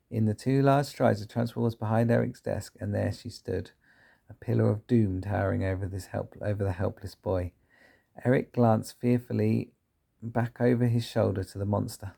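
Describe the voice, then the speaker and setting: Man with a gravelly low voice reading aloud. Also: fairly even intonation, moderate pace, dark tone. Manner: stumbles and corrects himself. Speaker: reader. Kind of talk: reading a children's book aloud.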